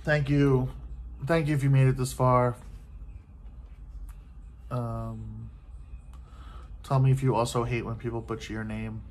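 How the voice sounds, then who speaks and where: A man's voice: medium pitch, steady tone, unhurried, long pauses, darkish tone. A man in a casual, rambling rant from a hotel room, loose and exasperated, swearing often and leaning on filler words. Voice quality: profane, loose, exasperated delivery with many fillers. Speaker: vlogger. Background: faint TV noise.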